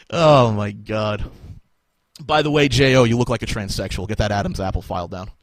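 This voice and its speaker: A man's voice: lowish voice, animated, moderate pace. A man hosting a live podcast, ranting angrily and sarcastically with a lot of swearing and bursts of laughter. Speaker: podcast host. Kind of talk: profane rant on a live podcast.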